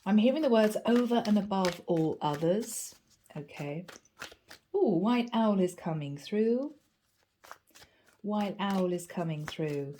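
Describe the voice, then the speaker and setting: Gravelly-voiced woman reading tarot. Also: medium pitch, takes it slowly, long pauses, a little hiss or hum. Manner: chatty, animated storytelling. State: gravelly from a cold. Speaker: tarot reader. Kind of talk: casual spoken tarot reading.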